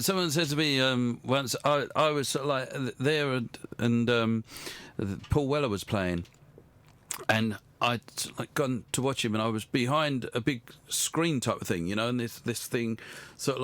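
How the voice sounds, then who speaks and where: A man's voice: medium pitch, moderate pace, a bit bright. A man hosting a radio show, telling rambling anecdotes in casual chat and chuckling along.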